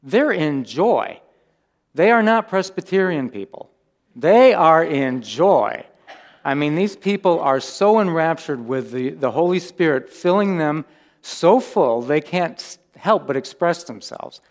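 A man's voice: on the high side, lively intonation, moderate pace. A man preaching a conversational sermon as a pastor, informal and humorous, often asking the congregation questions.

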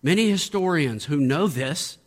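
A man's voice: a little high, animated, measured pace. Man preaching with emphatic rising peaks. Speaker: pastor. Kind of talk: sermon.

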